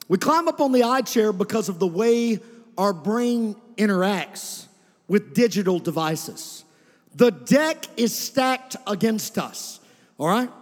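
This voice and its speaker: A man preaching a sermon in a church, speaking conversationally and calling out to the congregation to respond. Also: very high-pitched. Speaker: pastor. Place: church sanctuary. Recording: long hall reverb.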